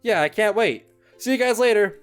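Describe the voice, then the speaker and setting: A bubbly, excitable schoolgirl read aloud by a man playing a visual novel, her voice jumping high and lively. A bit of game music hums behind. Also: normal speed. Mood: cheerful. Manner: upbeat and excitable. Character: bubbly, cheerful teenage schoolgirl.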